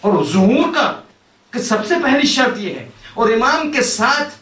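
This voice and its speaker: This Muharram lecture by a Shia cleric comes across at a distance in an echoey hall. Rapid-fire and fairly bright, his extremely high voice swings widely in pitch as he tells a story, voicing different characters and asking emphatic rhetorical questions.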